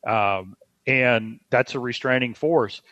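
Guy explaining coaching stuff, measured, mid pitch, muffled dry sound. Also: bright, forceful tone, no echo. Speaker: guest, leadership coach. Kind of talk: podcast conversation.

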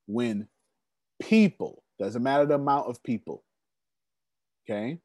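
A man in his forties runs a lively online coaching session, pushing his points with emphatic repetition and easy laughter. His voice is mid-pitched and sits in a dry, close space. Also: measured pace, long pauses, no echo. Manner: emphatic, repetitive, laughs often, hypes the group. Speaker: host of an online business coaching meeting. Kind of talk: lively group video-call coaching.

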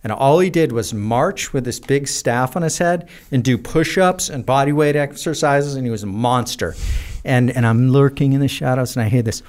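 An American man telling rambling, animated stories as a podcast guest, with many fillers. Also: mid-range voice, normal speed. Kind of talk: casual storytelling in a podcast interview.

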